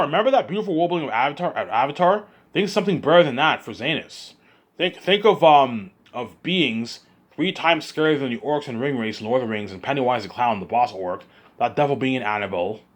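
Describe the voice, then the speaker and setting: A man vlogging in a rambling monologue, hyped up and repeating himself as he circles back to the same points. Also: mid-range voice.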